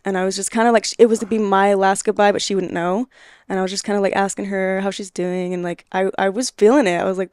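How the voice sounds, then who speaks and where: Smooth-voiced young woman telling a story. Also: mid-range voice, fast, no room sound, studio quality. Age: 20s. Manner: animated, laughs often, acts out quoted dialogue. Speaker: podcast guest. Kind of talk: casual storytelling conversation.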